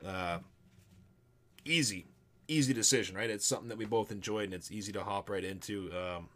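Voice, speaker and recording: A grown man co-hosting a casual movie review chat, animated and laughing, trailing off into low mumbles. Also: brisk. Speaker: podcast co-host.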